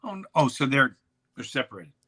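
Male host, bright and tense tone, lively storyteller who acts out quotes. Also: mid-range voice, fairly quick, breathy edge. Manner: animated, acts out shouted quotes. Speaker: podcast host. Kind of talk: storytelling in casual chat.

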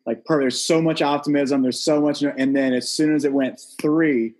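A man co-hosting a podcast, talking in a halting, casual way with frequent restarts. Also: a little high, fairly even intonation, darkish tone. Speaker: podcast co-host. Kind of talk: casual chat.

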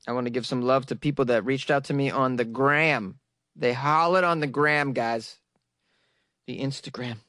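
A man hosting his own comedy news podcast, chatting casually and mocking himself with quick asides to listeners. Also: mid-range voice, a bit bright, no echo. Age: adult, working full-time. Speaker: podcast host.

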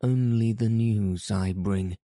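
Scared imp servant begging his master, stammery and humble, deep and mellow, guy narrating it. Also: slow, no room sound, clean studio sound. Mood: pleading, fearful. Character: timid male imp servant, fearful.

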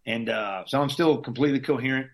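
A man's voice: mid-range voice, fast talker. A man who is an army veteran, casually telling his story as a guest in an easygoing, slangy way, with the odd curse and chuckle. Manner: laid-back, slangy, drops in curses and chuckles.

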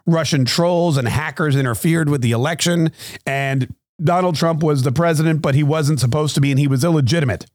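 A man's voice: fairly high pitch, a little fast, no room sound, clean studio sound. A man hosting a podcast, telling a story in a rambling, sarcastic comic monologue. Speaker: podcast host.

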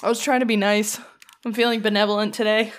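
A woman's voice: mid-range voice, flat delivery, fast talker. A woman in her thirties co-hosting a podcast, telling stories in a blunt, teasing, casual way. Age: 30s. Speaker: podcast co-host. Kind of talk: casual chat.

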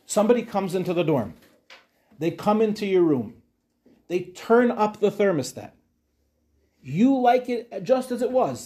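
A man's voice: high-pitched, big pitch swings, unhurried, long pauses, dark tone. A man, a rabbi, teaching a Torah class to young women, talking animatedly with rhetorical questions and retold dialogues.

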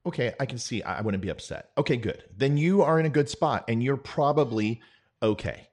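A middle-aged political commentator addresses the listener directly in a sincere, conversational monologue punctuated by quick impressions. His mid-range voice is expressive and somewhat dark in tone.

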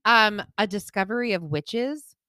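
A woman co-hosting a casual chat, teasing and quick to laugh. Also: mid-range voice, pushed and bright, no room sound, clean studio sound. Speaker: podcast co-host.

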